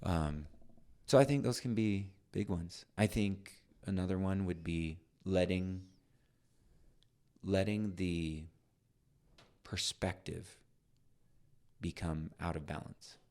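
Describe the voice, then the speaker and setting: Man, middle-aged, very deep voice, podcast guest, animated storyteller, restarts sentences. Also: takes it slowly, pauses often. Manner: animated, acts out voices in anecdotes; frequent restarts and trailing phrases. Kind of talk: storytelling in conversation.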